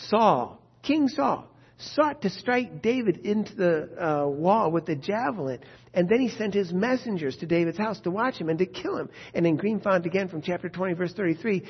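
A man with a husky, fairly high voice delivers a passionate sermon, firing one rhetorical question after another at his listeners. His tone stays urgent the whole way through, captured on a dull, lo-fi recording.

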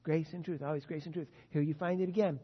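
A man preaching a sermon as pastor, earnest and emphatic, his loudness rising and falling. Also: on the high side, steady tone, fast, husky, big-room sound, muffled recording.

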